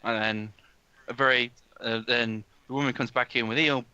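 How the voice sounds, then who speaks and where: A man running a tabletop game as game master, narrating in a halting way with many restarts. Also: medium pitch, steady tone, bright, forceful tone, smooth, no room sound. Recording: dull, lo-fi.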